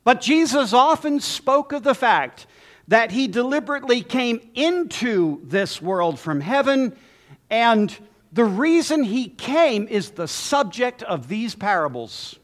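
A man preaching a sermon as pastor, emphatic with dramatic pauses and lists. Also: very high voice, fairly bright tone.

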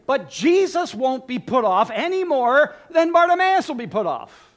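A man's voice: very high-pitched, big pitch swings, moderate pace, few pauses. A man preaching a sermon in an emphatic style, speaking directly to his listeners.

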